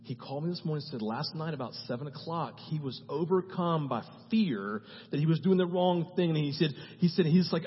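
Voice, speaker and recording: A man preaching a sermon as pastor, swinging from hushed tones to loud, fervent prayer and often asking the audience "right?". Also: on the high side, lively intonation, fast talker, hardly any pauses, breathy edge. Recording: dull, echoey church hall.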